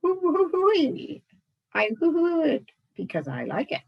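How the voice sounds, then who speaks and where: A woman's voice: extremely high pitch, wildly swooping pitch, a little slow, vocal fry, muffled recording, pitched above the performer's own voice, full character voice. A woman voicing a small female screech owl who stutters hoots before her words. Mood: chatty.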